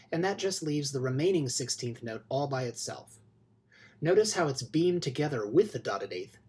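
A man teaching music theory in a scripted video lesson, explaining clearly and steadily and chanting rhythm syllables. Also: medium pitch. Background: music playing.

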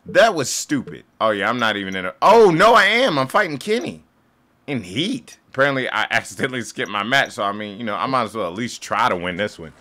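Excitable young man yelling over gameplay. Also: mid-range voice, fairly quick. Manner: loud excitable yelling, jokey trash talk. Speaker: gaming YouTuber. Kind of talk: playing a wrestling video game with live commentary.

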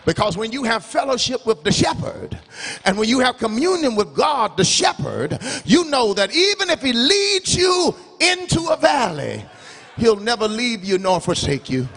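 A middle-aged man preaching a revival sermon in a church, rising to shouted, half-sung climaxes. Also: very high-pitched, big pitch swings, normal speed, husky. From United States. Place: large church sanctuary. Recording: church hall reverb.

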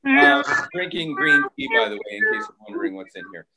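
A man performs stand-up from his home over a video call, his voice pitched a little high and swinging widely as he rambles through self-deprecating asides. Loud audience laughter from the call comes in underneath him. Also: huge pitch swings, fast, over a noisy crowd. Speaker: stand-up comedian.

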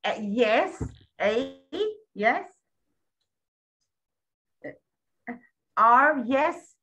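A woman tutoring a young child one-on-one, patient and full of praise, repeating words slowly. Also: on the high side, animated, a bit bright, dull audio. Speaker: English tutor.

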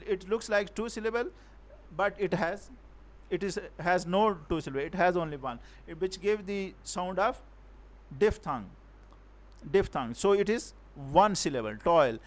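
Male teacher, high-pitched voice, halting lecture on verse meter, frequent restarts. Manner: halting, repeats and self-corrects words; non-native English grammar.

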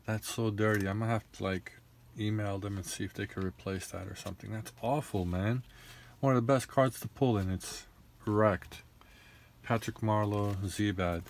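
A man's voice: on the low side, steady tone, moderate pace. A young man casually opening trading card packs, rattling off names and grumbling in frustration.

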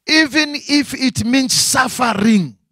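A man's voice: very high-pitched, slow pace, bright, forceful tone, no room sound, studio quality. A man preaching a sermon as pastor, asking rhetorical questions and repeating phrases.

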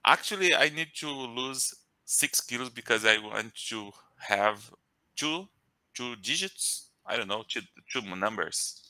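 A man from Brazil with a Brazilian Portuguese accent, speaking English as a second language on a video call, halting and correcting himself as he hunts for words. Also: mid-range voice, lively intonation, bright, forceful tone. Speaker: English learner. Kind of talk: casual chat in an online lesson.

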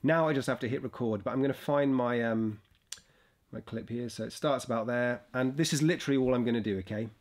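A man's voice: medium pitch, fairly quick. A man giving a casual step-by-step tutorial while recording on a laptop's built-in microphone in a houseboat bedroom. He explains as he goes and keeps checking in with "okay?" and "right?". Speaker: video creator.

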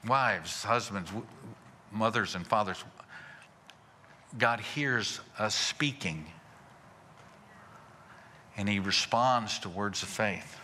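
A male pastor preaching a sermon in a folksy way, asking rhetorical questions and chuckling softly. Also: fairly low pitch, slow, long pauses, in a large hall, slight background noise.

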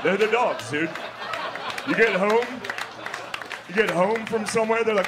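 A man in his thirties doing stand-up comedy on a club stage, telling crude stories in a deadpan way and slipping into mocking voices. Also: high voice, a little slow, long pauses, a crowd in the background. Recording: live stage recording with audience noise. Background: audience laughter.

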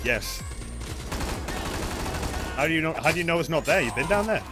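A high, lively male voice streaming a co-op shooter, bouncing between mutters and loud excitable yelps while he swears at his teammates. Game music and gunfire play loudly behind him. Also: normal speed. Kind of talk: live gameplay commentary.

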